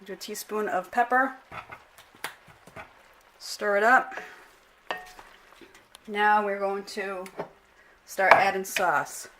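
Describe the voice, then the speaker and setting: A woman's voice: medium pitch, steady tone, measured pace, bright, forceful tone, slight background noise. A middle-aged woman talking through a home cooking demonstration in a casual, unpolished way, often stopping to correct herself. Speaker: home cook vlogger. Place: home kitchen. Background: clinking pots, pans and cutlery.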